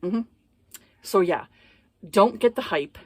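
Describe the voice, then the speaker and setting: A woman's voice: medium pitch, expressive, takes it slowly, a little mellow, no echo. A woman giving a casual book review, blunt and profane, exasperated, with lots of hesitant fillers.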